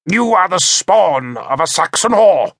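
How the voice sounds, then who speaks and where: A man voicing a spiteful, scheming old male bishop who jeers and sneers in a raised, shrill tone. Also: lively intonation, measured pace, fairly bright tone, breathy edge, dry recording, clean studio sound, heavily acted. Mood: menacing. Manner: sneering, jeering.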